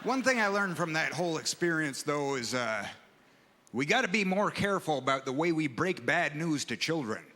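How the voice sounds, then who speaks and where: A man doing stand-up in a slow, deadpan, stoned-sounding delivery. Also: on the high side. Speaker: stand-up comic. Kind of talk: stand-up comedy. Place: comedy club stage. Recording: reverberant hall with room noise.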